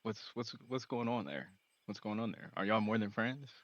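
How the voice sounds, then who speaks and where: A man's voice: on the low side, expressive, normal speed, fairly bright tone, dry recording, dull audio. A man voicing a boastful teen boy demigod chess champion with a brash, teasing way of talking.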